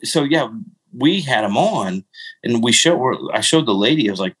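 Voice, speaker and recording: A man's voice: mid-range voice, expressive, normal speed, fairly bright tone, slightly rough, poor audio. A middle-aged man hosting a podcast, rambling through casual stories and laughing at himself. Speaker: podcast host. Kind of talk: casual storytelling chat.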